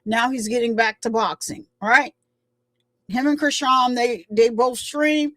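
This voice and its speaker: High-voiced woman chatting about a clip. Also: measured pace, fairly bright tone, dry recording. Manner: chatty, emphatic, retells quotes. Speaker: commentary channel host. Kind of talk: casual commentary on a clip.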